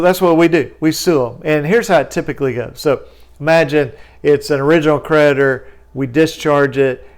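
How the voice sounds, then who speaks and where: A man's voice: mid-range voice, smooth. A man, a lawyer explaining bankruptcy debt in casual talk and acting out his phone calls in a raised voice. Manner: lively storytelling, acts out phone calls in a raised voice.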